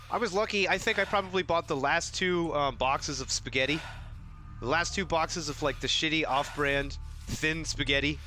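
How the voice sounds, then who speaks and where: A man's voice: medium pitch, bright, forceful tone. A man streaming a game, chatting casually and telling rambling, joking stories between play. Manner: joking, rambling storyteller who acts out quips. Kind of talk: casual gaming stream commentary.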